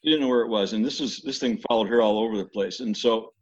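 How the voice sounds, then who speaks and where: A man's voice: fairly low pitch, fast. An older man casually recalling stories of a pet animal, rambling with restarts. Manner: rambling, many restarts, imitates animal screams. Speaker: interviewee recalling mission life. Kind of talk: casual storytelling. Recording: dull lo-fi recording.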